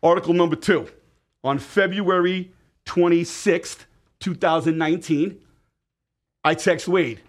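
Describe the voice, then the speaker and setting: A middle-aged man telling a personal story in a casual interview, emphatic and animated. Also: on the high side, measured pace, pauses often. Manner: emphatic, animated retelling with acted quotes and profanity. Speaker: podcast guest.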